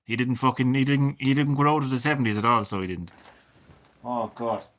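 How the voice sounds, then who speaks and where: A man in his thirties, chatting casually and swearing a lot as a gaming streamer, drifting between loud remarks and mumbled asides. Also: mid-range voice, steady tone, brisk. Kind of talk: casual rambling commentary.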